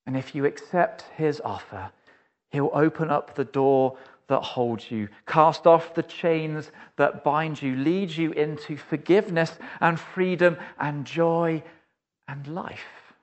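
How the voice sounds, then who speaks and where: Unhurried and direct, a male preacher paints a vivid story for the listener, often softening into a low, pleading murmur. The recording is missing its highs.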